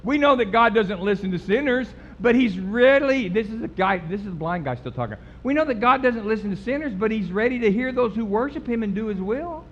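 A man with a high voice preaches a sermon in a church, emphatic and folksy, hammering words again and again. The recording sounds a bit dull, with a faint hiss behind him. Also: lively intonation, fairly quick, hardly any pauses. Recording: slightly dull recording with faint background noise.

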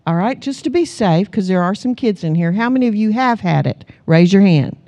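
Speaking fairly quickly at a medium pitch, this middle-aged woman delivers a sermon full of family stories. Her storytelling is animated and punctuated by frequent laughter as she prompts the congregation for amens.

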